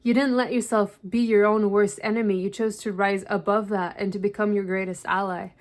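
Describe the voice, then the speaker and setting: A woman's voice: medium pitch, flat delivery, fairly quick. Woman, tarot reader, casual and reassuring, talks with many "like"s, slightly out of breath. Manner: chatty, reassuring, with filler "like". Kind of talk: casual spiritual tarot reading.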